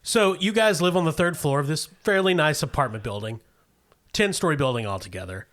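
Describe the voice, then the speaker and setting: A man's voice: on the high side, a little fast. Man narrating as game master. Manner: relaxed explaining with frequent fillers and restarts.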